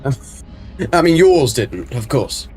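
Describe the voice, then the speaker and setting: A man's voice: medium pitch, very animated, takes it slowly, a little mellow, faint music behind. A man chatting casually on a game live stream, rambling with many ums while reading chat aloud.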